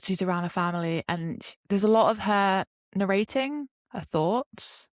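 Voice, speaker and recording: A woman's voice: mid-range voice, lively intonation, moderate pace, no echo, clean studio sound. A woman co-hosting a podcast who recounts things casually and at length with easy fillers. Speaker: podcast co-host. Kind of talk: casual chat.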